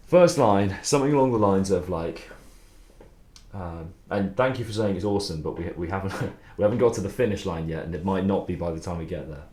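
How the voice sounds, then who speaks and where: Young songwriter, low voice, loose rambling stream talk with swearing, recorded in an echoey room. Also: male voice, a little fast, a little mellow, a little hiss or hum. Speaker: songwriter streaming his writing process. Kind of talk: casual livestream chat.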